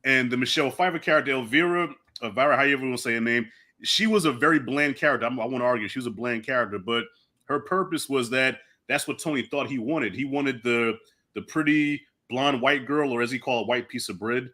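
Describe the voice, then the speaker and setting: A man's voice: medium pitch, brisk, pushed and bright. A male host chatting casually about a film, laid-back and peppering his points with "you know what I'm saying". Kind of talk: casual film review chat.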